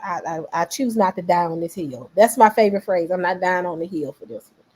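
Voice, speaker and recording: A woman giving casual political commentary, animated and talking straight to her viewers. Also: on the low side, brisk, low-quality recording. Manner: animated, talks back to viewers, quotes others in voices.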